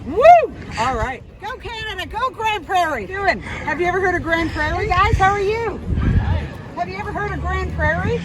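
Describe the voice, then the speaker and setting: A chirpy, overeager woman reporter from Canada, as a street performer puts her on, talking in a high, bright voice and whooping to passersby. Loud crowd chatter and street noise fill the outdoor festival around her. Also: expressive, normal speed. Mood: cheery. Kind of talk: comic street show banter.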